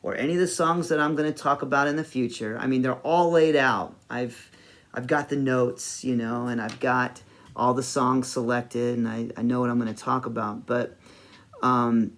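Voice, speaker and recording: A man telling a personal story in a casual, rambling way, full of fillers and animated in places. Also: mid-range voice, normal speed. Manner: animated when reliving the moment. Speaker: host.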